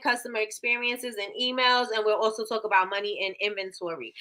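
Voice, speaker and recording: A woman's voice: fairly high pitch, pushed and bright, a little hiss or hum. A woman hosting a casual live business show, chatty and repeating herself as she reads out figures. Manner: chatty, repeats phrases, reads stats aloud. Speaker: livestream host.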